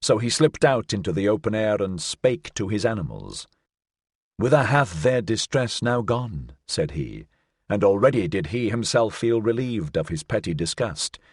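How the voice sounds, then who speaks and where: Low, expressive male audiobook narrator. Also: slightly rough, no echo, studio quality. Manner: measured, formal reading.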